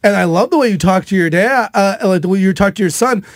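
Loud, high-voiced storytelling man. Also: quick pace, no room sound, clean studio sound. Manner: animated storytelling, loud and excitable. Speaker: radio show host. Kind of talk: casual chat.

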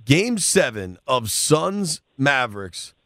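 A man hosting a sports talk debate, posing questions and thinking aloud with halting restarts. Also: mid-range voice, sing-song, fairly bright tone, dry recording, clean studio sound.

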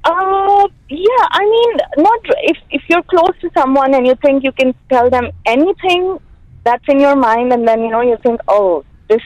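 A woman's voice: high-pitched, lively intonation, moderate pace, a little mellow, dry recording, rough recording. A woman speaking as a radio show guest, thoughtful and searching for words. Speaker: studio guest. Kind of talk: reflective chat.

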